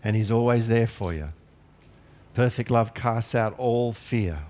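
A man's voice: mid-range voice, a little slow, warm tone. A male pastor preaching a sermon in an earnest, emphatic way with light humorous asides.

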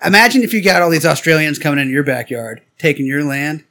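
A man's voice: fairly high pitch, expressive, fast talker, sharp tone. A man joking around in casual, crude banter, riffing on absurd ideas. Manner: riffing, says dude and bro, swears.

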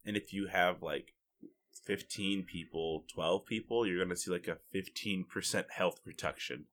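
A man co-hosting a gaming podcast, telling stories in an animated, jokey way. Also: low voice, normal speed. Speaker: podcast co-host. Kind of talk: casual chat.

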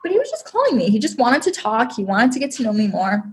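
A woman's voice: a little high, huge pitch swings, fast talker. Chatty woman telling a love story. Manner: chatty, heavy use of "like", emotional. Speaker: podcast guest. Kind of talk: personal storytelling.

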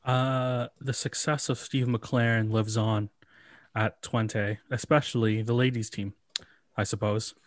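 A man's voice: mid-range voice, level tone, measured pace, dry recording. A man trades dry, wry quips on a casual football podcast. His voice comes across close and dry, with no room sound around it. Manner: dry, wry one-liners. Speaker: podcast co-host. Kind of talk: casual sports chat.

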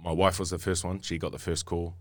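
A young New Zealand rugby player, interviewed, tells a story in a rambling way, often repeating and restarting words. His voice is low and flat, a little fast, captured as a dry, clean studio recording.

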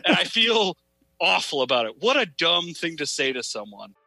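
A young adult man co-hosting a podcast, telling stories in an animated, profane, laughing way. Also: a little high, moderate pace, vocal fry, slightly rough, no room sound, rough recording. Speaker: podcast co-host. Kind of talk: casual storytelling chat.

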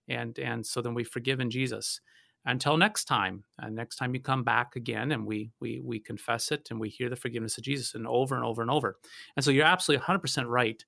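A male pastor from North Dakota talks through a theological discussion, telling stories in an animated way with frequent restarts. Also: medium pitch, quick pace, vocal fry, dry recording, clean studio sound.

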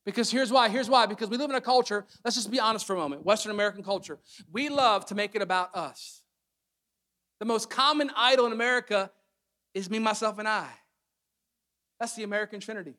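A man preaching a sermon as pastor to his congregation, swinging between loud emphatic build-ups and quiet, hushed asides. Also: sits high, fast. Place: church sanctuary with congregation.

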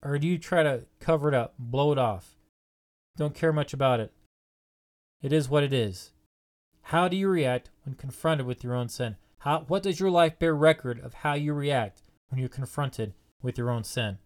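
A man's voice: medium pitch, moderate pace, a little mellow. A man preaching a sermon, asking his listeners earnest, repeated rhetorical questions and stressing key points.

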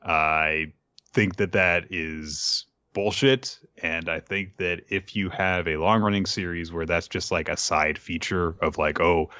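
Low bright-voiced man, casual podcast chat. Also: steady tone, a little slow, dry recording, lo-fi sound. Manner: rambling, laughs often, fillers. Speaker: podcast co-host.

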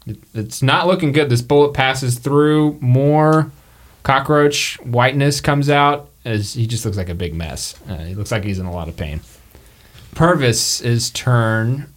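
A man's voice: medium pitch, measured pace. A man narrating a tabletop game as game master, joking and full of fillers.

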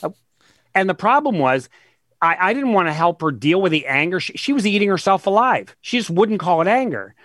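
Guy author on a podcast, kinda high voice, dry close sound, earnest, drags out the key words. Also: very animated, fairly bright tone, dry recording. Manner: earnest, emphatic, slows down to stress key words; retells conversations with people as examples. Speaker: guest author. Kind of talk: explaining ideas in a podcast interview.

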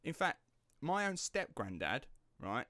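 A man's voice: medium pitch, unhurried, no room sound, clean studio sound. A man with an Estuary English accent, chatting casually and telling stories animatedly, with some swearing. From England. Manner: animated storyteller, swears freely. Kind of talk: casual chat.

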